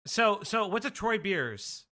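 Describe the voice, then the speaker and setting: High-voiced, bright, animated male streamer. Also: slow. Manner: animated, laughing, teasing questions. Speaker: stream host. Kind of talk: casual live-stream commentary.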